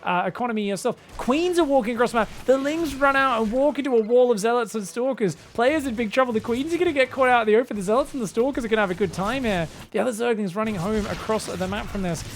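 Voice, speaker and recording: High-voiced excitable male game caster. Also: fast talker, hardly any pauses, soft background music. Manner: excitable, joking, laughs often. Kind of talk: casual replay commentary.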